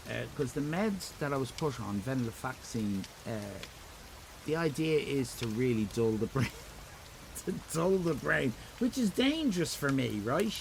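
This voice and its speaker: A man's voice: medium pitch, big pitch swings, unhurried, vocal fry, a little hiss or hum, rough recording. A middle-aged Irish man streaming live, rambling and self-mocking in casual chat with his viewers. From Ireland.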